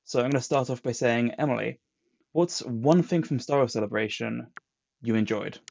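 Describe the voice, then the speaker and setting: A man's voice: mid-range voice, normal speed, gravelly, a little mellow, dull audio. A man co-hosting a podcast in casual, jokey chat. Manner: jokey, playful banter. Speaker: podcast co-host.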